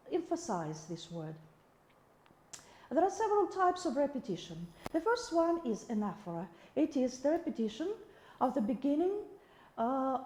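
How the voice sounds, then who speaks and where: A woman's voice: sits high, dark tone, echoey room. A woman with a Russian accent giving a recorded video lecture, reading examples aloud with the odd restart.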